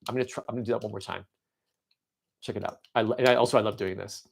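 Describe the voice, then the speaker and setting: Brief: male streamer, playful toy-battle commentary, lively pitch, lots of restarts. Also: fairly quick, gravelly, long pauses. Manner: excitable, rambling, with frequent restarts and shouting cheers. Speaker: livestream host.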